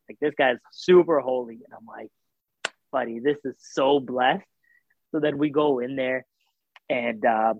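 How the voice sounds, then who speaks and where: A man telling a story in casual chat, animated, acting out the voices of the people in it, with lots of fillers. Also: mid-range voice, dry recording. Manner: animated, acts out quoted voices, filler-heavy. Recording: tinny phone-like sound.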